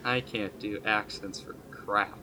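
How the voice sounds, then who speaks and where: A young man with a bright, forceful voice chats casually with his friends on a podcast, laughing a lot and filling his sentences with "uh". A faint hiss sits under the call. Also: on the low side, steady tone, measured pace. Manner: laughs often, lots of fillers. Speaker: podcast co-host. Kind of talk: casual chat over a video call.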